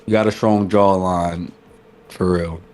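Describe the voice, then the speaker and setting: A man co-hosting a casual podcast, talking in slangy, profane, animated banter. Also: low-pitched, measured pace. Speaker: podcast co-host. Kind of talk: casual chat.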